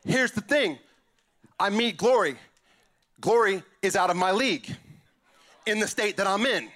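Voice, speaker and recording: A man giving an impassioned testimony at church, emphatic and repeating lines as he builds to shouts. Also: high-pitched, expressive, unhurried, long pauses.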